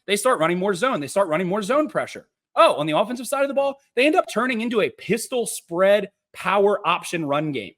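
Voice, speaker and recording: A man's voice: high-pitched, fairly bright tone. A man co-hosting a sports podcast, ranting with profanity and sarcastically mocking critics. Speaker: podcast co-host. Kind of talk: heated sports podcast rant.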